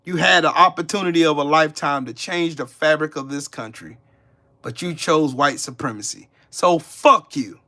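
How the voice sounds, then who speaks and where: A man's voice: on the high side, normal speed, pushed and bright. A man hosting a live stream, ranting angrily and cursing as he talks back to his chat. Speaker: livestream host. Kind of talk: angry live-stream rant.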